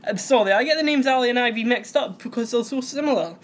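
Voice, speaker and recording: A man's voice: very high-pitched, quick pace, fairly bright tone, a little hiss or hum. A young man, casually recapping a TV episode, rambling and often correcting himself. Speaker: host.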